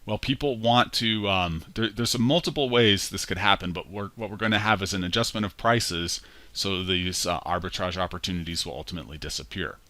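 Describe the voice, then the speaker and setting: Speaking low, fairly quickly and in a sharp tone, a male instructor guides viewers through a spreadsheet on a screen recording. The audio is dry, and his chatty walkthrough includes self-corrections as he talks out each step.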